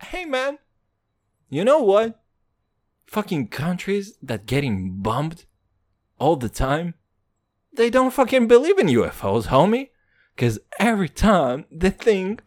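Casting note: man doing stand-up, English as a second language, hip-hop slang and swearing, slow drawl, big pitch swings. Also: very animated, no echo. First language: not English. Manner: profane slangy hip-hop talk, swinging between loud and muttered. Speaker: stand-up comedian. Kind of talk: stand-up comedy monologue.

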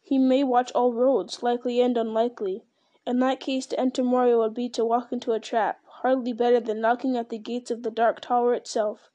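A woman's voice: a little high, level tone, fairly quick, mellow, dull audio, close to an everyday voice. A woman reading the part of a proud, stern male warrior with a firm, wary tone.

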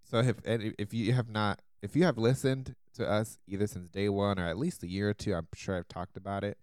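A man co-hosting a podcast, telling a story with animated energy and laughing often. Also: fairly low pitch, fairly quick, smooth, dry recording, studio quality. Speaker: podcast co-host. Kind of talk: casual chat.

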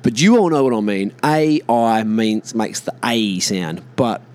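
A man's voice: on the low side, lively intonation, a little slow, a little mellow, clean tone. A man ranting casually to camera, exasperated and swearing, spelling words out letter by letter.

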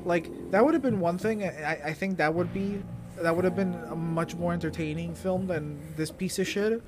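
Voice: medium pitch, normal speed, background noise. A speaker in a casual podcast chat, opinionated, stumbling over restarts and swearing.

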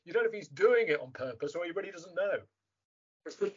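A man with an English accent chatting as a guest in an interview, animated and imitating other voices as he tells stories. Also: high-pitched, normal speed, slightly rough. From England. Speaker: guest actor. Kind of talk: casual interview chat. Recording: muffled lo-fi remote audio.

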